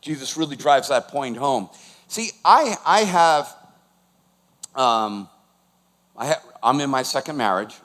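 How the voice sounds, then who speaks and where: A man preaching a sermon, animated, rising to bursts of emphasis. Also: medium pitch, takes it slowly, long pauses. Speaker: pastor. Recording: long hall reverb.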